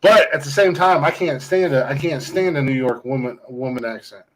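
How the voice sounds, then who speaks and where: A man's voice: mid-range voice, normal speed, a bit bright, a little hiss or hum, low-quality recording. A man from Ohio hosting a podcast in casual, crude, rambling chat, laughing often. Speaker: podcast host.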